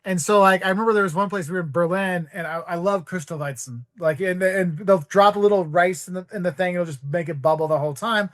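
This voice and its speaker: High-voiced man telling animated travel stories. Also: fast, hardly any pauses, no echo, clean studio sound. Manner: rambling, animated, acts out voices in quotes. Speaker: podcast guest, travel video creator. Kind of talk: casual storytelling.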